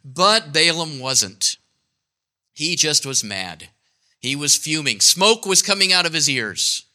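A man's voice: on the high side, very animated, slow pace, sharp tone. A man telling a Bible story aloud to an audience, ad-libbing playfully and directing volunteers who act it out. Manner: playful, ad-libbing, self-correcting.

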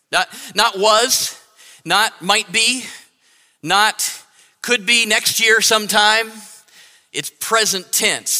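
High bright-voiced male preacher. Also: animated, in a large hall. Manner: repetitive, halting restarts and emphatic lists. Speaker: pastor. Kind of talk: sermon.

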